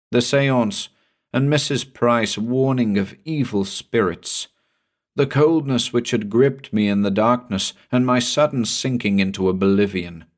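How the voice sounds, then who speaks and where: A man reading a horror story aloud as narrator, in a slow, brooding and deliberate manner. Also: low voice.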